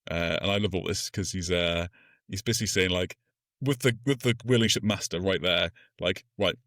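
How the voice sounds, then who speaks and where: A man co-hosting a film podcast, his voice sitting on the lower side. He recaps scenes with animated relish, now and then slipping into quick comic voices. The recording is dry and close. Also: no room sound. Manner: animated storytelling, slips into funny voices. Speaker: podcast co-host. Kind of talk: casual film review chat.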